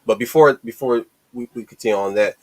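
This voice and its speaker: A man in mid pitch talks over a film he just saw, ranting and stumbling over his words in his excitement. He hosts a loose, casual stream chat. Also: a little fast. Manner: excited, rambling, many restarts and swearing. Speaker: host. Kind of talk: casual movie discussion on a stream.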